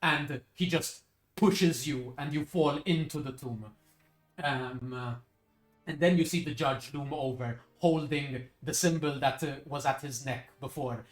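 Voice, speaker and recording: A man's voice: medium pitch, a little slow. A man narrating a tabletop game as game master, casual, with fillers and self-corrections. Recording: echoey room, faint music.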